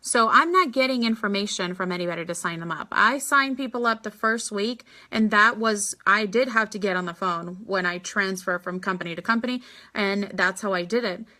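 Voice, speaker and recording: A woman's voice: mid-range voice, sharp tone. A woman answering viewer questions in a casual live Q&A, chatty and blunt, often acting out what she says to people. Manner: chatty and blunt, quick asides, acts out her replies. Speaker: network marketing leader answering viewer questions.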